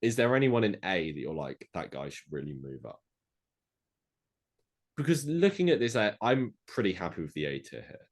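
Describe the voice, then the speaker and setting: A man's voice: sits low, very animated, moderate pace. A man co-hosting a casual podcast, dryly reading out and ranking lists of actors. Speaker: podcast co-host. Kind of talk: casual chat.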